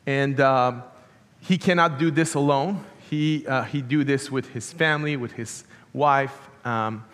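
A man's voice: mid-range voice, a little slow, a bit bright. A man with a Quebec French accent, a native French speaker, preaching as a guest pastor and playfully rallying the congregation. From Quebec, Canada. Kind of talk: sermon. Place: church sanctuary. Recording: long church hall reverb.

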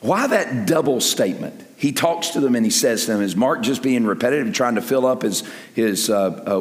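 Animated older male preacher in a hall. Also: medium pitch. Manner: animated, swings from quiet to loud emphasis. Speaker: pastor. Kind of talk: sermon. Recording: echoey hall with long reverb.

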